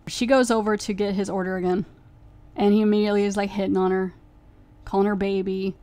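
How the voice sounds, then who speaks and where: A woman's voice: medium pitch, level tone, fast, warm tone, dry recording. A woman hosting a podcast, casually reviewing an episode and retelling its plot in a rambling way, full of "like" fillers. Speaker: podcast host.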